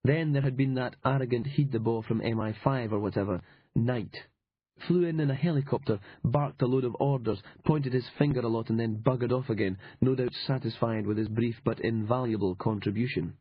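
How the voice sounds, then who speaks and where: Husky, sardonic male audiobook narrator. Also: medium pitch, brisk, no room sound, phone-quality sound. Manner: dry, sardonic storytelling. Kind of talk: scripted narration.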